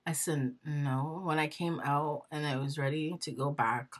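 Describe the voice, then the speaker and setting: A woman's voice: deep voice, fairly even intonation, moderate pace. A young woman vlogger telling her personal story in an earnest, rambling way, full of fillers and close to tears.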